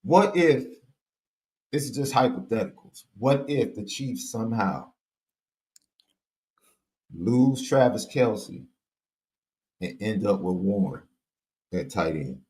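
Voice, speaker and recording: A man co-hosting a podcast, reacting in an animated, slangy way during casual sports talk. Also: on the low side, slow pace, pauses often. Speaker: podcast co-host.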